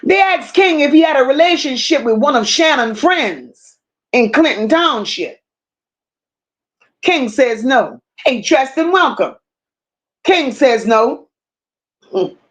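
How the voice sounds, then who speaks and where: Woman, livestream host, high voice, slow delivery, blunt and emphatic, reads chat and greets viewers. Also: lively intonation. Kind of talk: casual livestream commentary reading chat.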